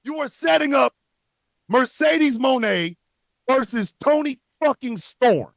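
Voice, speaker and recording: High-pitched man ranting angrily. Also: lively intonation, slow, creaky, no echo. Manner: angry, heavily profane, shouting at times. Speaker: show host. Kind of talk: profane wrestling rant.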